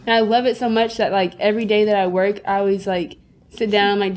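A woman's voice: medium pitch, little pitch movement, fast talker, darkish tone. A young woman from Minnesota, a podcast guest who talks with enthusiasm and uses a lot of filler words. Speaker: guest, eyewear designer. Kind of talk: casual podcast interview.

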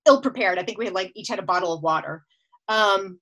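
A woman telling a long personal story in casual chat, acting out her own lines with bursts of shouting and laughter. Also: mid-range voice, fast. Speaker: guest storyteller.

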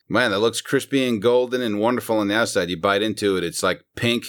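A man's voice: lowish voice, fairly even intonation, quick pace, fairly bright tone. A man co-hosting a podcast, laughing and riffing on crude jokes with vivid images. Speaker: podcast co-host. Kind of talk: crude casual banter.

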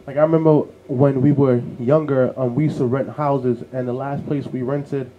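A man from New York City, co-hosting a casual podcast conversation and telling family stories in a lively, animated way. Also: medium pitch, moderate pace, dull audio, slight background noise. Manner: lively storyteller who acts out family voices. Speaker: co-host.

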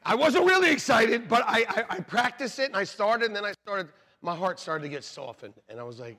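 A man's voice: high-pitched, moderate pace. A man preaching a sermon as pastor, telling stories with acted-out voices and jokes for the congregation. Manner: animated storytelling, acts out voices, jokes with congregation. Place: church sanctuary.

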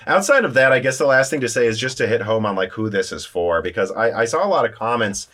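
A podcast host, this man leads a casual tech chat in an animated way. He talks straight through quick restarts, and his pitch jumps around in a lively fashion.

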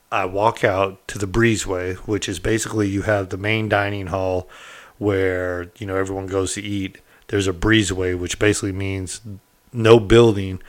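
A middle-aged man casually recounting a prison story, candid and animated, often tossing in "right?" and mild swearing. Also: fairly low pitch.

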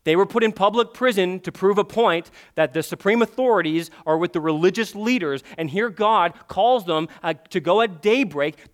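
High-voiced emphatic male preacher. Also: expressive, normal speed, few pauses. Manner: emphatic, swings between loud urgent passages and hushed intimate ones; conversational asides and rhetorical questions. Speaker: pastor. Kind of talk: sermon.

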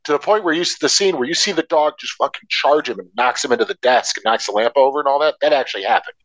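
A man's voice: medium pitch, quick pace, no echo, lo-fi sound. A man co-hosting a podcast, casually recounting behind-the-scenes film trivia with sarcastic asides. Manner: animated storyteller, sarcastic asides. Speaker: podcast co-host.

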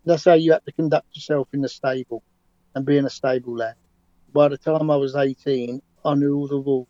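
A man's voice: mid-range voice, fairly even intonation, fairly quick, warm tone, no echo, muffled recording. A man, a cab driver talking confidently and emphatically as an interview guest, with frequent restarts. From England. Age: 60s. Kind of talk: remote interview, conversational storytelling.

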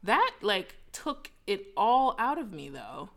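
A woman's voice: medium pitch, very animated, takes it slowly, fairly bright tone. A woman with a New York accent in casual chat, talking frankly with lots of fillers. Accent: American, New York. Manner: frank, profane, filler-heavy.

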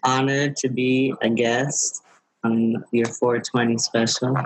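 A comedian joining a podcast as a guest, talking slowly in a relaxed drawl. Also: male voice, medium pitch, low-quality recording. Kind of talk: casual chat.

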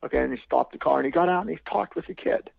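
A man in a podcast interview tells a long story, circling back with restarts and repeated words. His voice is heavily gravelly and a touch high. It comes through a tinny, phone-like line with a dry sound. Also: racing, dry recording. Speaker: podcast guest. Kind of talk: anecdotal storytelling.

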